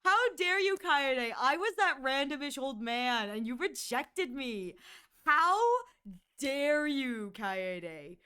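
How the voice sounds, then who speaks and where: A woman's voice: sits high, expressive, pushed and bright, clear, resonant tone, full character voice. A woman voicing a rejected old man who dramatically complains about being turned down. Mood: mock-indignant. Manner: mock-indignant, drawn-out.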